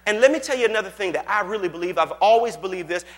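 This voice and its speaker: A male pastor preaching a sermon, chatty and storytelling, checking in with the congregation and building to loud exhortation. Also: high voice, lively intonation, rapid-fire, big-room sound. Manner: call-and-response, often asking "you got it?".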